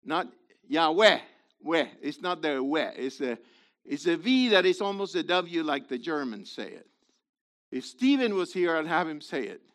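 A man teaching an informal Bible study lesson, explaining things in a halting way and often checking in with his listeners. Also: a little high, sing-song, fairly bright tone.

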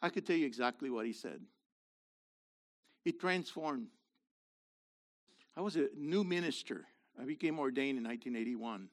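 Older male preacher-teacher, lively, dramatic delivery, loud then hushed. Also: medium pitch, normal speed, long pauses. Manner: dramatic swings between loud emphasis and quiet asides. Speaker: minister and university teacher. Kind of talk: sermon-style teaching talk.

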